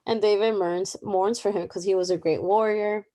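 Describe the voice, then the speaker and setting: A woman's voice: medium pitch, fairly even intonation, moderate pace, mellow. Chatty young woman reading the Bible. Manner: chatty and informal, many fillers and asides. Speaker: Bible reading plan presenter. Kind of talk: casual Bible study commentary.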